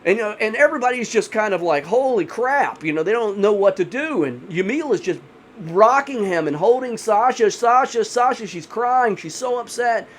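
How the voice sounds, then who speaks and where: A man retelling a grim mountain mystery in a chatty, unscripted way, full of fillers and slowing down for the gruesome parts. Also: high-pitched, animated, slight background noise. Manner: slows down for grisly moments. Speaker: storyteller host. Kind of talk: casual spoken horror storytelling.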